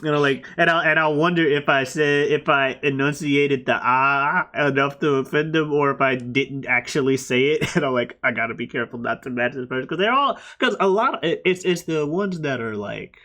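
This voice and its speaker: A man co-hosting a podcast in casual chat, animated and laughing often. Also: on the high side, normal speed, hardly any pauses. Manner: animated and laughing, with lively voice swings. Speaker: podcast co-host.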